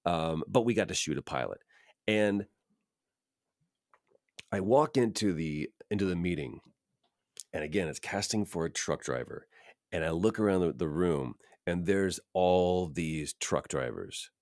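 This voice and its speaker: A man with a very low voice tells a story in a loose, self-deprecating way, full of ums and restarts. He sits close to the mic in a dry room with no echo. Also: expressive, unhurried, darkish tone. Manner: rambling, self-deprecating, many fillers. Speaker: actor guest. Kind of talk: casual storytelling.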